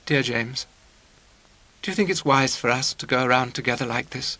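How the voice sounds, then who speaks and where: A man's voice: mid-range voice, normal speed, pushed and bright. A man voicing a fussy, clinging young woman who talks in an affected, gushing way. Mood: earnest.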